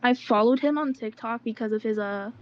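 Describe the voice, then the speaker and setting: A woman's voice: fairly high pitch, fairly quick, soft background music. A young woman being interviewed, rambling casually with lots of "like" and "um" and some slang. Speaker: interview guest. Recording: dull, slightly lo-fi audio with faint noise.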